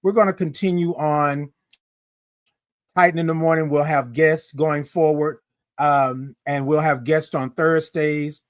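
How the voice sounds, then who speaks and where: A man hosting a live-streamed morning show, chatty and lively, calling out greetings to his viewers. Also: fairly high pitch, unhurried, no room sound, studio quality. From Houston, Texas. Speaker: host.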